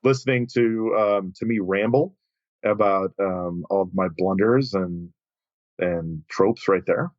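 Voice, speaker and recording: A man telling a lively story as a guest on an interview podcast, acting out the voices of the people in it. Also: measured pace, no echo, lo-fi sound. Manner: animated, acts out quoted voices with big pitch jumps.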